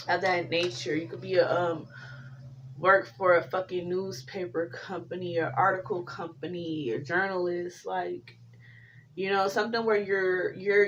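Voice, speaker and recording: A woman's voice: fairly low pitch, recorded from a distance, dull audio, slight background noise. Profane, rambling woman reading tarot. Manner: profane, rambling, animated storytelling. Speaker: tarot reader.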